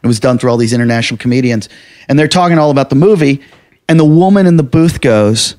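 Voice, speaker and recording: A man's voice: medium pitch, lively intonation, fast, darkish tone. A man, a comedian and podcast host, telling stories in a casual chat and acting out other people's lines with big swings of voice.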